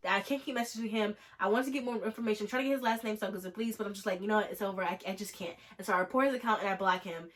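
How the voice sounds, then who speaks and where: A woman's voice: mid-range voice, racing, hardly any pauses, over music. A young woman vlogger telling a story in a chatty, sarcastic way, often mimicking the people she quotes. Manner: animated, sarcastic, jumps into mocking quoted voices. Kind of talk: storytime vlog.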